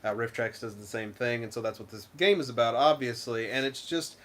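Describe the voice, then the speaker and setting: Rambling, animated male co-host. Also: mid-range voice, fairly quick. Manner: rambling, animated, many restarts. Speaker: co-host of a game review show. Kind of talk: casual chat.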